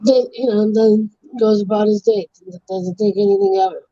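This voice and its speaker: A woman tells rambling jokes on a livestream in a deeply mellow, dark voice. She restarts and corrects herself as she goes, and laughs at her own punchlines. The sound is dry and dull, like lo-fi stream audio. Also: flat delivery, normal speed, no room sound. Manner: rambling, restarts and self-corrections mid-story. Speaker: livestream host. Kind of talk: casual joke-telling.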